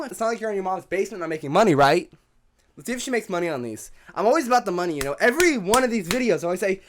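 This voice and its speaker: Brief: young female reaction vlogger, snarky and casual, very animated pitch. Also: fast, a little hiss or hum. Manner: sarcastic, jumps into shrill mock voices. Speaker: reaction video host.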